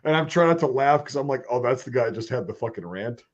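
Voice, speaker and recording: Animated, swearing man telling a story. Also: medium pitch, quick pace. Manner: animated, laughing, swears a lot. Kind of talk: casual profane storytelling. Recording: dull lo-fi sound.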